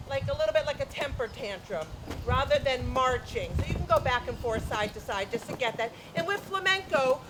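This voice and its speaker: A woman's voice: high-pitched, noisy background. A woman teaching a flamenco dance class, energetically counting beats aloud and mixing in Spanish counts. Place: dance class, community TV broadcast.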